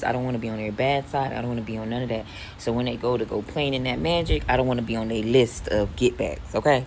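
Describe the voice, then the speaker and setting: Forties woman from philly, really deep voice, swears a lot telling stories, faint hiss behind. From Philadelphia, US. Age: 40s. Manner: animated, profane, rambling. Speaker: storyteller. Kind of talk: casual storytime.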